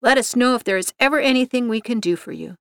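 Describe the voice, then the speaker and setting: Woman doing falsely polite maintenance worker, syrupy, fairly high, dry close sound. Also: quick pace, smooth, dry recording, natural voice.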